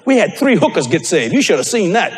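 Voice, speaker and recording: A man preaching a sermon, telling stories with animated delivery and bursts of shouting. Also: high-pitched, fast talker, some chatter behind. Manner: animated storytelling, breaks into shouts.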